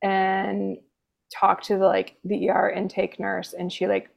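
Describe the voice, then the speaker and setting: A woman's voice: medium pitch, completely flat delivery, unhurried, vocal fry, lo-fi sound. A woman nurse, a guest in an interview, telling a personal story casually with sarcastic, dry humor and lots of fillers. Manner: chatty, many fillers like "like".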